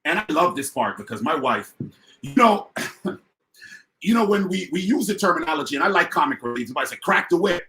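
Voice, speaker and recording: A man delivers a motivational business talk in a high-pitched voice. His delivery is emphatic and repetitive and swings between loud bursts and quiet stretches. The pitch leaps around with animated energy. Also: fairly quick. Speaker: motivational speaker and business coach. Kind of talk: fired-up motivational talk to an online audience.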